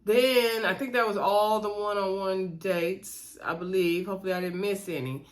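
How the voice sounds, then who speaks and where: A woman recapping a reality dating show in a chatty, animated way, retelling scenes and talking to her viewers. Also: medium pitch, moderate pace. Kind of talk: casual recap chat.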